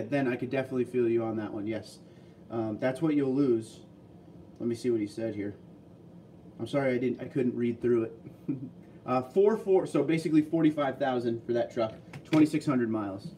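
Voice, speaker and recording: A man hosting a casual livestream, reading viewer comments aloud and chatting back in a relaxed way. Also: medium pitch, moderate pace, recorded from a distance, slight background noise.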